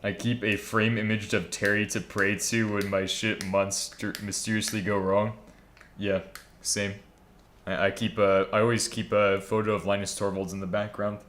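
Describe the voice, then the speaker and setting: A man's voice: on the low side, little pitch movement, moderate pace, fairly bright tone, a little hiss or hum. A man casually chatting on a live stream, joking around and reading viewer comments aloud while he builds a server. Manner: joking, rambling, reads chat aloud.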